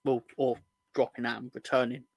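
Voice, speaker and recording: Gravelly, rambling male podcast host. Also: mid-range voice, level tone, fairly quick, no room sound. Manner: rambling, swears, jokey self-corrections. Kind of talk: casual late-night chat reading viewer comments.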